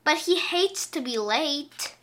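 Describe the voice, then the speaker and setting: A woman voicing a patient, weary father bear, gently coaxing his cub in a sing-song storybook tone. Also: high voice, expressive, slow pace, pitched above the performer's own voice, heavily acted.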